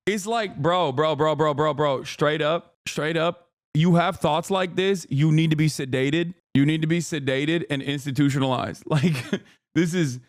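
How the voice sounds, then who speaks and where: A man hosting a reaction stream, talking in a profane, animated and exasperated way, often restarting his sentences. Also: fairly high pitch, moderate pace, no echo, clean studio sound. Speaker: streamer host. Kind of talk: reaction commentary.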